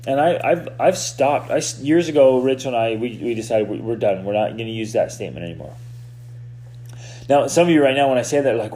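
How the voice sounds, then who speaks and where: A man hosting a podcast as a coach, giving a motivational talk in an animated way, often restarting and repeating words. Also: medium pitch, moderate pace, a little hiss or hum.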